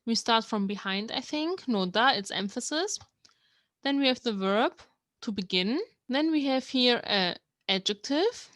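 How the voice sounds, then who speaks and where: Slow-spoken woman. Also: fairly high pitch, animated, a bit bright, dry recording. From Germany. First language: German. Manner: patient, explains words one by one, reads lines aloud. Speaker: language learner teaching viewers. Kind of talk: explanatory language lesson.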